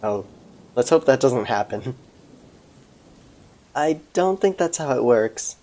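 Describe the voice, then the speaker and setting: A man voicing a relaxed young female fire goddess in a game, in a near-everyday voice. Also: mid-range voice, slow.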